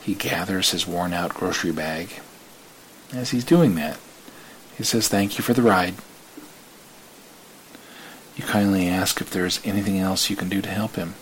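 A man narrating a story in the second person in a slow, hushed way that sometimes drops to a whisper. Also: low-pitched, slight background noise, rough recording.

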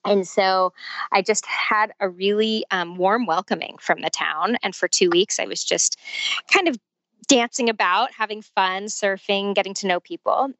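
A woman in her forties, a podcast guest telling a personal story in a lively, casual way and laughing often. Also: mid-range voice, moderate pace, dry recording, rough recording.

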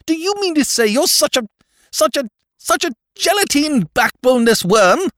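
A man doing a brash, bantering young gentleman. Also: a little high, huge pitch swings, no room sound, clean studio sound, pitched above the performer's own voice. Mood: indignant. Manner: bantering, theatrical, quick.

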